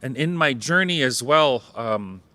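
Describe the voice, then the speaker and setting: Man from Saskatchewan, Canada, mid pitch with a bright edge; cheerful language teacher who jokes and gets the room repeating after him. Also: lively intonation, unhurried, dry recording. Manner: playful, jokes, leads audience call-and-response. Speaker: Cree language teacher and ceremonial helper. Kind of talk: interactive public talk teaching words.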